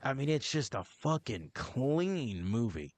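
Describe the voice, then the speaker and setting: Man, podcast co-host, mid-pitch, profane, rambling, dry close sound. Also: big pitch swings, takes it slowly, no room sound. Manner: profane, rambling, self-interrupting. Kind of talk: casual movie review chat.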